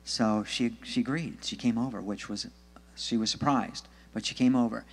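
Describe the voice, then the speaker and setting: A man's voice: mid-range voice, fairly even intonation, moderate pace, in a large hall. A man, a Christian author and speaker, telling testimony stories and urging listeners on in an earnest, exhorting sermon style.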